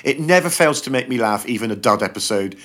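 A man, a comedian and actor, chatting as a podcast guest and acting out the quotes in his stories. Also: fast. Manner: animated, acts out quotes with shifting pitch. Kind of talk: casual podcast chat, storytelling.

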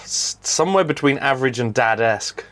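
A man's voice: medium pitch, expressive, a little fast, fairly bright tone. A man co-hosting a comedy podcast, trading dry one-liners. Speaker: podcast co-host. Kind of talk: casual comedic chat.

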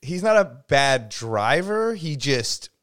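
A man hosting a podcast in casual chat, an animated storyteller who acts out quotes loudly and laughs often. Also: medium pitch, slow, clear, resonant tone. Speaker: podcast host.

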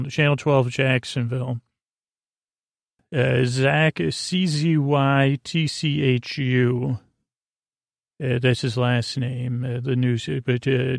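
Flat, gravelly man rambling to sleep. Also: no room sound, studio quality. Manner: rambling and halting, many filler sounds; low-key, flat and meandering. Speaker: podcast host. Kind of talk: sleep podcast episode recap.

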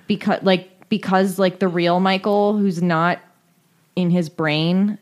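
A woman's voice: fairly low pitch, steady tone, slow pace. A woman co-hosting a podcast, casually recapping a cartoon with profanity and quoted voices. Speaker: podcast co-host.

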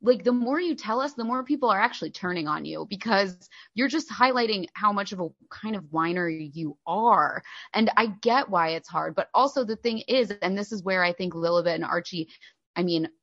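A woman's voice: mid-range voice, expressive, moderate pace, fairly bright tone, no room sound, dull audio. A woman co-hosting a podcast, blunt, opinionated and sarcastic in casual chat. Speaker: podcast co-host.

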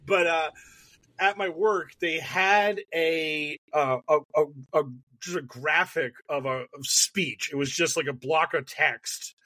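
A man co-hosting a podcast in casual chat, rambling and excitable, laughing often. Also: on the high side, slow pace, no echo. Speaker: podcast co-host. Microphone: studio mic.

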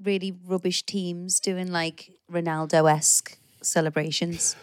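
A woman's voice: on the low side, fairly even intonation, unhurried, clear, resonant tone, no echo. A woman co-hosting a podcast in casual chat, teasing and playful in her banter. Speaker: podcast co-host.

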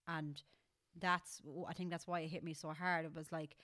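A woman's voice: low-pitched, level tone, normal speed, a bit bright, no echo. A young Irish woman in her twenties, talking candidly and rambling with lots of fillers and restarts as a podcast co-host. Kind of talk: casual chat.

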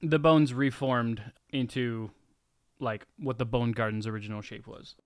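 A woman's voice: very deep voice, steady tone, unhurried, no echo. A woman player chatting casually at a tabletop game, teasing and dry. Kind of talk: casual chat.

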